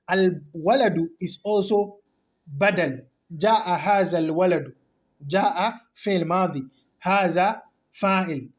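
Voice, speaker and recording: High-voiced man teaching Arabic grammar. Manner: explains slowly, repeats key terms, asks rhetorical questions. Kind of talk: recorded grammar lesson.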